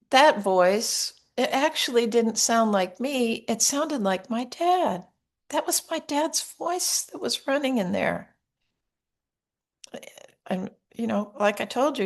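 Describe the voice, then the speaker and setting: A woman hosting a podcast, gently guiding listeners through a reflective practice in an unhurried way with small restarts. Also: on the high side. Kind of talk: reflective guided practice talk.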